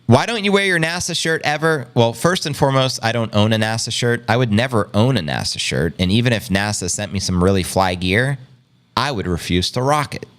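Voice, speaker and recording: A man's voice: medium pitch, brisk, few pauses, a bit bright. A man hosting a casual livestream, reading viewer comments aloud with playful, joking banter and frequent laughs. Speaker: host.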